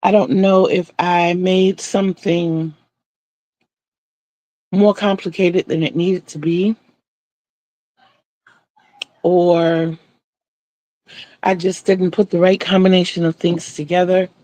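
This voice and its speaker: A woman's voice: on the low side, level tone, slow, long pauses, mellow, no room sound. An older woman chatting casually on a live stream as she crochets, rambling and repeating herself.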